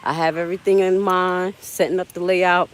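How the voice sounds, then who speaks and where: A woman's voice: on the low side, level tone, moderate pace, low-quality recording. A woman in her forties hosting a casual live walking vlog from an outdoor park, chatting straight to her viewers as she climbs steps and gets winded. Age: 40s. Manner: chatty, talks straight to viewers as "y'all" and "baby". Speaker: livestream host.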